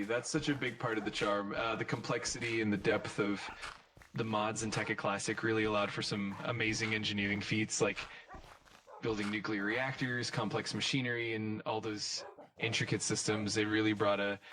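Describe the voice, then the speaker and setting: A man's voice: on the low side, fairly bright tone, far from the mic, slight background noise. A synthetic male voice acting as an AI chat assistant, talking in an upbeat, agreeable and eager-to-help way. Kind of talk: conversational chat answers.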